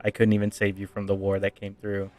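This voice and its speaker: A man doing a humble minor god, weary, apologetic, low voice, story retelling. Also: completely flat delivery, fast, a little mellow, faint music behind, close to an everyday voice. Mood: resigned.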